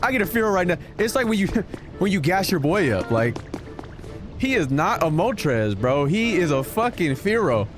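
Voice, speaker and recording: A young man streaming a game, giving casual commentary that is joking, animated and full of swearing. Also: high-pitched, normal speed. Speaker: gaming streamer. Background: game music.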